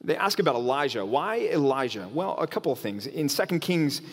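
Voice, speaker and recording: A man preaching a sermon as pastor, in an animated way that often restarts phrases. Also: medium pitch, brisk, big-room sound. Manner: animated, acts out quoted voices, frequent restarts.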